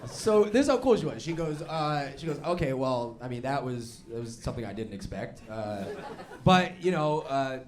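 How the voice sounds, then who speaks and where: A man doing stand-up storytelling on stage, animated and laughing along as he acts out the voices in his story. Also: mid-range voice, moderate pace, a little hiss or hum. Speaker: stand-up comedian. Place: comedy club stage before a live audience. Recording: stage mic with loud crowd laughter.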